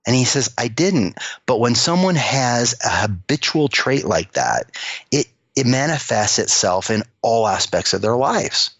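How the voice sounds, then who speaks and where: A man's voice: medium pitch, measured pace, no room sound. A man, a company CEO, telling workplace stories as a guest and acting out the quoted dialogue. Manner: animated storyteller who acts out quoted dialogue. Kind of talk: storytelling interview talk. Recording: dull dry lo-fi audio.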